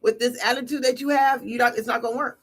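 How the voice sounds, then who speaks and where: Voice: mid-range voice, fairly even intonation, fast talker. A tarot reader hosting a casual livestream, talking in a blunt, slangy, scolding way. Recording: noisy livestream audio.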